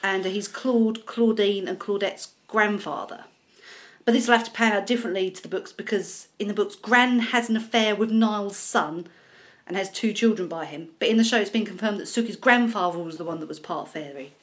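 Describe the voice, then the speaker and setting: A woman's voice: mid-range voice, moderate pace. A woman co-hosting a podcast, chatting casually about a TV episode and laughing often between points. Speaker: podcast co-host. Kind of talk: casual chat recapping a TV episode.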